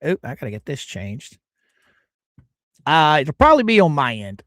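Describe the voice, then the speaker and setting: A man's voice: a little high, wildly swooping pitch, normal speed, a bit bright, no room sound, studio quality. A man hosting a casual live stream, chatting and greeting viewers by name while hedging on legal details. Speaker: livestream host.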